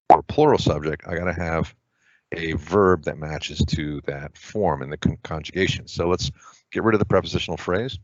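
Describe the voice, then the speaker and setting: Low-pitched male tutor, thinks aloud, dry, slightly muffled desktop-mic sound. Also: dry recording. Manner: thinks aloud, mutters answer choices to himself. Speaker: test prep tutor. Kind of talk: talking through grammar questions.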